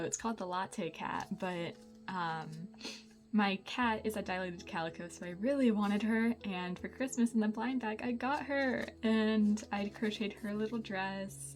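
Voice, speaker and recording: Chatty young woman giving a sketchbook tour. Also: medium pitch. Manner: chatty, bubbly, lots of ums and giggles. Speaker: artist vlogger.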